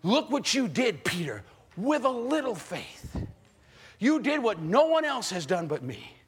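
A man voicing Jesus as a gentle, encouraging teacher, speaking slowly and tenderly. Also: sits high, sing-song, slightly rough, pitched above the performer's own voice, heavily acted.

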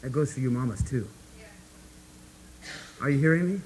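A man preaching a sermon to his congregation, emphatic and folksy, swinging between hushed asides and loud, rising points. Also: mid-range voice, normal speed, low-quality recording. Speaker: pastor.

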